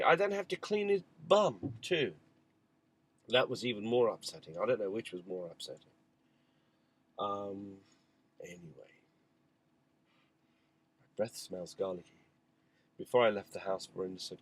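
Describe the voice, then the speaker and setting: A man's voice: on the low side, expressive, moderate pace, pauses often, a bit bright, breathy edge, rough recording. A father talking frankly to camera in a spoken diary, rambling through a family story with asides. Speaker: father recounting family life. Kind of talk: candid spoken diary monologue.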